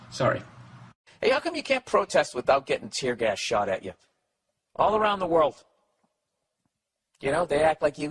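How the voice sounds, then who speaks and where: A man's voice: fairly high pitch, big pitch swings, moderate pace, pauses often, a bit bright. A middle-aged man hosting a podcast, ranting in a rambling, comedic way, profane and exasperated, often breaking off and restarting his sentences. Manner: profane, exasperated, self-interrupting. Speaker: podcast host.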